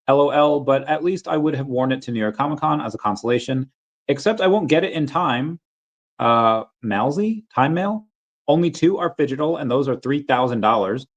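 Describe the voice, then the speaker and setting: Stream host guy reading headlines n chatting w viewers, stumbles over words, kinda muffled audio. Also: mid-range voice. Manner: reads headlines aloud and greets chat viewers, often restarts words. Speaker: livestream host. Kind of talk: casual livestream chat.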